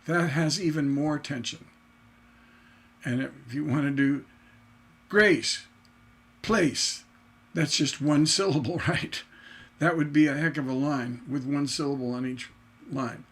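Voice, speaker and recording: Slow gravelly man teaching songwriting. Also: on the high side. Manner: animated, chanting rhythms, talking to himself. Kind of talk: livestreamed songwriting lesson.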